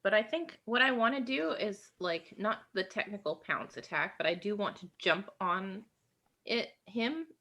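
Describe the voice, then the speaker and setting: A woman's voice: medium pitch, lively intonation, normal speed, bright, forceful tone. A woman playing a tabletop game, chatty and thinking aloud about her moves. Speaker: player. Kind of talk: casual play at a tabletop game.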